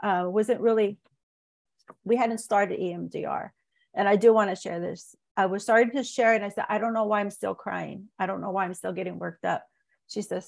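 A woman in her forties, a guest on a wellness talk show, sharing her personal healing story in an earnest, halting way with many restarts. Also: medium pitch, steady tone, creaky. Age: 40s. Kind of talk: podcast interview, personal story.

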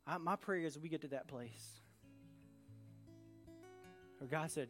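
Earnest high-voiced man preaching. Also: slow pace, pauses often, soft background music. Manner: earnest, emphatic preaching with repeated phrases. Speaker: pastor. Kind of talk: sermon. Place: church service in a room.

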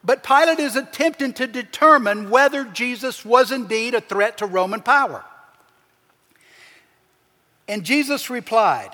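A man preaching a sermon as pastor, with emphatic swings in pitch and loudness as he acts out the people he quotes. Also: animated, measured pace, pauses often. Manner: preaching with emphatic shifts, acting out quoted voices. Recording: long hall reverb.

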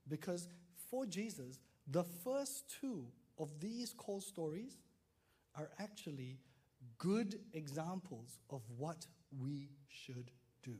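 A man preaching a sermon, telling stories in an animated way, acting out quotes and checking in with listeners. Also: fairly high pitch, slightly rough. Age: adult father. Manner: animated storytelling, acts out quotes, frequent "right?" to listeners.

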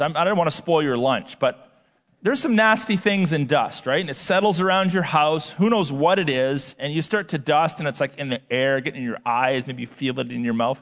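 A man preaching a sermon as a pastor, talking in a lively, conversational way and asking the audience questions. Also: fairly high pitch. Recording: long hall reverb.

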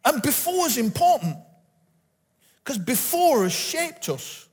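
Middle aged guy preaching, high voice, acts out quotes, big echoey church hall. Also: very animated, slow pace, a little mellow, breathy edge. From England. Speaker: guest pastor. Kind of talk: sermon.

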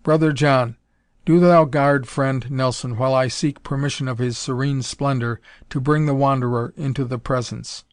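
A man reading aloud and voicing a curt, gruff older warrior in archaic speech, in a dry recording. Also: mid-range voice, steady tone, moderate pace, no echo, lightly acted. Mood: stern. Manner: curt and rasping.

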